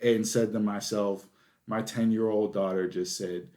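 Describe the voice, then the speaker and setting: A man in his thirties chatting casually as a podcast co-host. He tells stories with animated energy and gets louder and higher when he reaches a punchline. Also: a little slow. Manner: animated storytelling, rising excitedly at punchlines.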